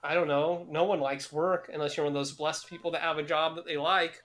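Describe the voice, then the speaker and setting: A man's voice: fairly high pitch, level tone, fairly quick, a bit bright. A young man co-hosting a podcast, talking in a cynical, heavily profane, rambling way. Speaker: podcast co-host. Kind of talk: casual chat.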